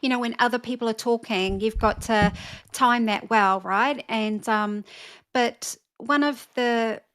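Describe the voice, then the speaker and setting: A woman's voice: fairly high pitch, unhurried, a bit bright. Hesitant woman chatting on a stream. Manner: hesitant, many fillers and restarts. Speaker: co-host. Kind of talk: casual chat.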